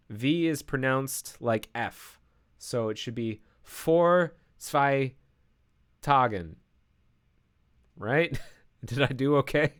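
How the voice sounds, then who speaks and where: A man's voice: medium pitch, fairly bright tone. A man casually thinking aloud as he live-streams coding, full of fillers and restarts. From Canada.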